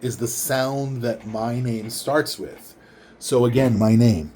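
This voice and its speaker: In a casual video, a vlogger with a mid-range, slightly mellow and somewhat rough voice leans into the microphone to show how his name is pronounced. He enunciates with care, going over the words slowly, syllable by syllable.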